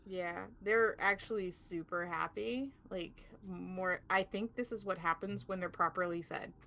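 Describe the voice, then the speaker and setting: A woman playing in a tabletop game, talking quickly with lively restarts. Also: lowish voice, a little hiss or hum. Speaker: player.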